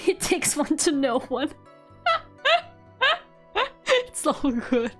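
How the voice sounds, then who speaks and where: A woman's voice: sits high, very animated, very slow. A young woman streaming as a VTuber, chatting casually, giggling and swearing now and then, with faint game music behind her. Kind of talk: casual livestream chat.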